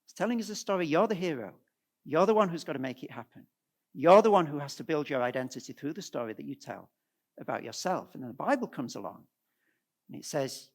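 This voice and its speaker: A middle-aged man giving a presentation at a church, animated and asking the audience rhetorical questions. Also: a little high, a little fast. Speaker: guest speaker.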